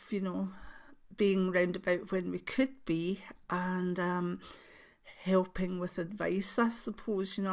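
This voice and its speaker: An older Scottish woman, a grandmother, chatting to her viewers in a rambling, emotional way, with soft laughs. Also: lowish voice, vocal fry. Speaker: spiritual channel host. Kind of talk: casual chat to camera.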